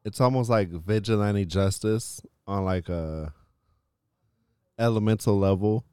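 Smooth-voiced man ranting on a podcast. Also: on the low side, unhurried, no room sound, studio quality. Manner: rambling, swearing, animated rants. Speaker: podcast co-host. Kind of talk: casual podcast banter.

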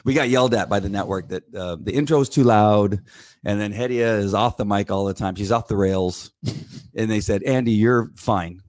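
Low-voiced rambling man. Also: moderate pace, dry recording, studio quality. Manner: rambling, many restarts and repeated words; animated when quoting others. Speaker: podcast co-host. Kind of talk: casual chat.

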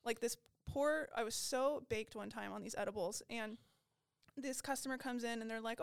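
A woman who is a podcast guest in recovery, telling her story in a lively, casual way and acting out her own past lines, with many "like"s. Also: a little high, normal speed, vocal fry, clean tone, no echo.

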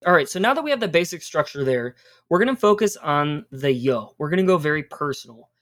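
A woman's voice: low-pitched, lively intonation, brisk. Upbeat woman teaching Spanish. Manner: upbeat, encouraging, spells out words. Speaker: Spanish teacher, podcast host. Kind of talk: casual teaching on a podcast.

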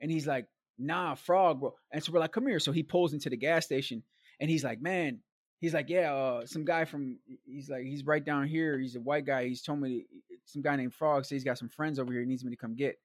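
Medium in pitch and a little fast, this male guest's voice comes through clean studio sound with no room tone. He tells a long, rambling story in a lively, casual way, sprinkled with slang and plenty of "like," "man" and "bro."

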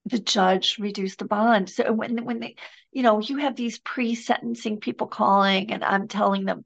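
A woman's voice: medium pitch, fairly even intonation, normal speed, vocal fry, lo-fi sound. A middle-aged woman from Michigan, a podcast guest talking in a loose, rambling way with many fillers and restarts. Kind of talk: casual conversation.

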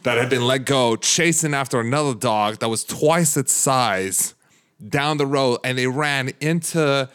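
A man's voice: medium pitch, a little slow, fairly bright tone, clean tone. A man chatting casually before a tabletop game, rambling through a story, swearing a lot and laughing often.

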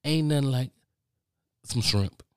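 A man's voice: medium pitch, takes it slowly, smooth, dry recording, clean studio sound. A middle-aged man from the United States hosting a podcast, ranting in a casual monologue with lots of repetition and swearing. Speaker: podcast host.

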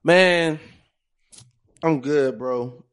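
A man's voice: on the high side, extremely slow, noisy background. A young man hosting a podcast, telling stories in loose, slangy casual chat. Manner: loose, storytelling, heavy slang. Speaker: podcast host.

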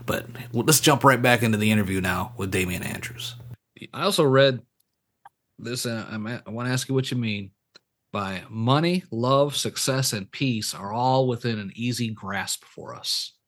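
A pastor hosting a business podcast, speaking at an ordinary middle pitch. He urges listeners on with warm conviction and answers his guest with an amen. The talk is relaxed and conversational. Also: moderate pace. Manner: encouraging, interjects amen. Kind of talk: casual interview talk.

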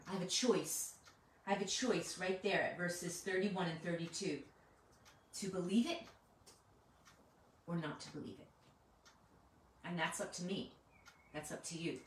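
A woman preaches in an earnest, conversational way and keeps asking rhetorical questions. Her voice sits fairly low for a woman. She sounds set back from the mic in a room that echoes, with a faint hiss behind her. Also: far from the mic. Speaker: Bible teacher. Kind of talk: sermon.

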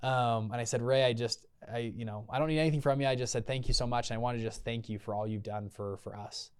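Fast-talking male podcast host. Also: medium pitch, clear, resonant tone. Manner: animated, acts out quoted voices. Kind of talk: casual storytelling.

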